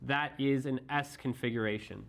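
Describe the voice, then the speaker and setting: A man's voice: mid-range voice, fairly even intonation, normal speed, vocal fry, a bit bright. A man with a Midwestern American accent leads a classroom review session. He walks through each idea patiently, leaning on homely comparisons. He keeps turning questions back to the students. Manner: explains step by step with everyday analogies, quizzes students. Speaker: chemistry teacher.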